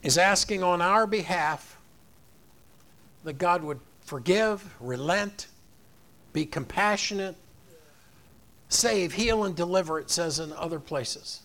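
A man preaching a sermon in an animated way, acting out the voices of the people in the story. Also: sits high, takes it slowly, long pauses. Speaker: pastor.

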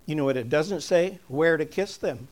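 With a voice that's a little high, an older man tells stories in a chatty object lesson for a church congregation, over slight background noise. He chuckles often and becomes soft and slow when earnest.

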